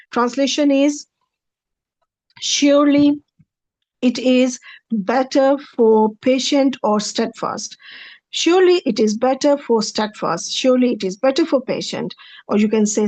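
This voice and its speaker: A woman's voice: on the high side, darkish tone, no room sound, muffled recording. A woman teaching a recorded Arabic grammar lecture, patiently repeating each translation in several ways.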